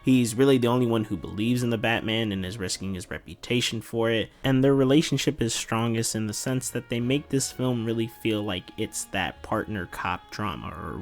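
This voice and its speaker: A man giving a casual, chatty film review full of slang, with faint music playing behind him. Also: on the low side. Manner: slangy, laid-back and chatty.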